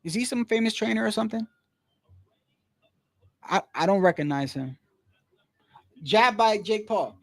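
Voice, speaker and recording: Male streamer, high-pitched, slangy and blunt, casual live fight commentary, dry close mic. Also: measured pace, pauses often, no echo. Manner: slangy, says "bro" constantly, blunt and opinionated.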